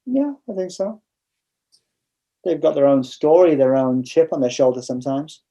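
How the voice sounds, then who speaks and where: A man's voice: a little high, lively intonation, normal speed, dark tone, lo-fi sound. A man with an English accent, a guest in a casual interview, telling stories bluntly with frequent restarts. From England.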